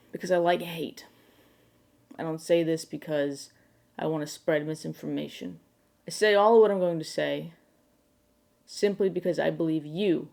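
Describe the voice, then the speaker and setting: Brief: woman, lowish voice, spoof talk-show host, overblown mock outrage with swearing. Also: a little mellow. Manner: mock-serious ranting, bursts of outraged swearing. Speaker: late-night show host. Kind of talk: mock late-night monologue.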